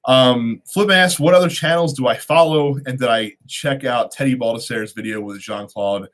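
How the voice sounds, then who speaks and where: A man's voice: mid-range voice, normal speed, fairly bright tone. Casual man answering viewer questions. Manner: conversational, many ums and restarts. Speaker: host of a watch channel. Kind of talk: casual live-stream Q&A.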